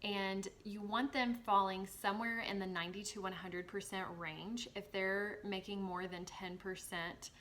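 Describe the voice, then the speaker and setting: A woman with a Southern US accent, a former teacher explaining reading skills to parents in a clear, encouraging tutorial. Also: mid-range voice, fairly even intonation, a little slow, hardly any pauses, a bit bright, slight background noise. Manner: clear, encouraging, models examples with her voice.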